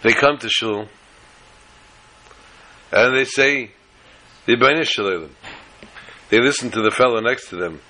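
A man preaching a sermon, telling a parable in an animated storytelling manner with dramatic pauses. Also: mid-range voice, poor audio.

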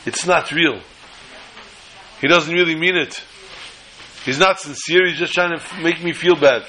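A blunt, skeptical fellow scoffs in a plain, matter-of-fact voice, as a man puts him on in a story. The tone is bright and forceful and sits slightly high. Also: measured pace, a little hiss or hum, poor audio. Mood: dismissive.

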